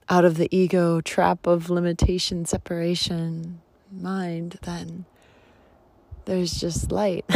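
A woman's voice: fairly low pitch, vocal fry, warm tone, no echo. A woman vlogging casually outdoors on a forest trail into a handheld phone, gushing and spiritual, often slipping into a whisper. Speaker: travel vlogger. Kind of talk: casual travel vlog.

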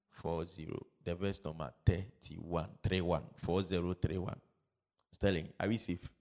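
A male pastor, his voice sitting a little low, preaches a sermon. He repeats key phrases and throws questions back to the congregation, and he stretches words out loudly for emphasis. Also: gravelly. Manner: call-and-response, repeating phrases, building to loud emphatic preaching.

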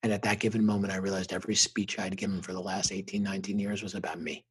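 Husky-voiced middle-aged man, emphatic. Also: sits low, little pitch movement, fast. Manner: emphatic, intense, punchy repeated phrases. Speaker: guest, motivational speaker. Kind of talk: emotional personal storytelling.

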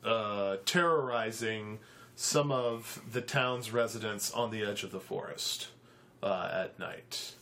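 A man running a tabletop game as game master, narrating in a halting way with many fillers. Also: on the low side, a bit bright.

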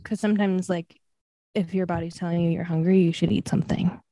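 A woman hosting a podcast in casual chat, giggly and quick to joke. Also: on the low side, fairly even intonation, dark tone, no room sound. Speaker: podcast host.

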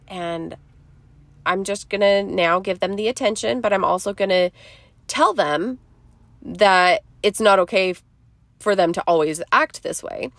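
A woman, a mother hosting her own podcast, giving gentle, reassuring self-help advice in a casual monologue and often checking in with her listeners. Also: medium pitch, a little slow, no echo.

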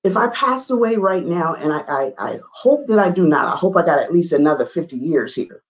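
A woman as an interview guest, telling a candid personal story in an earnest, emphatic way, her voice rising high when she gets excited. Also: a little fast, low-quality recording.

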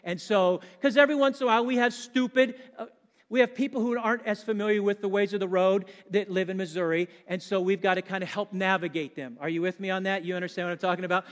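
A guest preacher delivers a sermon in a church, chatting and joking with the congregation and quizzing them. His high voice is fast and steady in tone, heard in a large hall.

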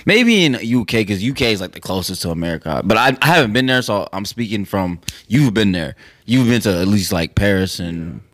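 A man's voice: lowish voice, lively intonation, fairly quick, a bit bright. A young man co-hosting a casual podcast, chatting playfully and jumping in with jokes and questions. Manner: playful, interjecting, jokey. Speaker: podcast co-host. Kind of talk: casual chat.

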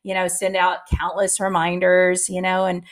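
A woman's voice: fairly low pitch, completely flat delivery, moderate pace. A middle-aged woman talking casually and candidly to practice teams, giving advice and telling stories with plenty of filler words.

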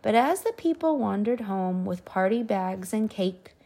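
Woman reading a bedtime picture book to a child; unhurried, husky, slightly high. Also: lively intonation. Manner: slow, soft storytelling with whispered asides. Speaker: parent reading aloud.

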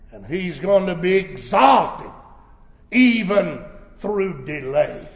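A man preaching a sermon, swelling into shouted emphasis, recorded in a church sanctuary. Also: high voice, big pitch swings, slow. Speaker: pastor. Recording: echoey church hall.

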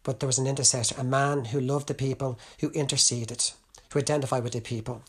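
A man's voice: fairly even intonation, fast, breathy edge. Fervent Irish man preaching. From Ireland. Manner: impassioned, rising to a fervent pitch when stressing a point. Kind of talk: sermon.

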